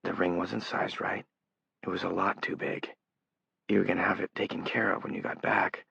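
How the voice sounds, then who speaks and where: A man voicing a weak, bedridden young man who talks softly, half in a whisper. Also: low-pitched, little pitch movement, moderate pace, vocal fry, breathy edge, no room sound, exaggerated voice. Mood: distant, eerie. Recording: dull lo-fi audiobook recording.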